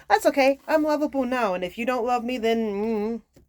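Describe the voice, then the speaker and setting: A woman's voice: medium pitch, steady tone, fairly quick, darkish tone. A woman giving a casual tarot reading, reading card meanings aloud between chatty, self-mocking asides. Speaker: tarot reader.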